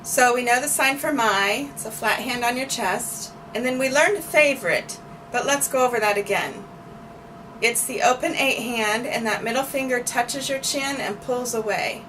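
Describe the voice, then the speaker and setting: A woman's voice: fairly high pitch, moderate pace, a bit bright, a little hiss or hum. A woman teaching sign language, explaining each sign patiently and repeating phrases as she demonstrates them. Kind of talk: slow instructional explanation. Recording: distant mic with banjo background music. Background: bluegrass banjo music.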